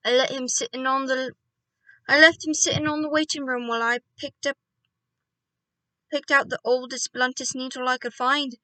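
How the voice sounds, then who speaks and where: An excitable elderly country doctor bursts into loud, indignant outbursts, as a woman reader puts him on. The voice sits high and bright. It is recorded close and dry. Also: moderate pace, pauses often, dry recording. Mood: gleeful storytelling.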